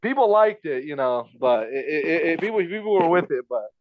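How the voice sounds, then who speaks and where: A man's voice: a little high, sing-song, a little fast, lo-fi sound, a little hiss or hum. A man telling a personal story in casual chat, rambling and repeating himself with lots of fillers. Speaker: podcast guest telling a story.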